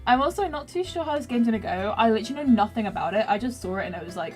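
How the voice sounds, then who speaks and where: A woman's voice: fairly high pitch, lively intonation, rapid-fire, darkish tone, faint music behind. A young woman streamer chatting casually while playing a story game, giggling often and teasing herself as she reads game text aloud. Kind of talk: casual gaming commentary.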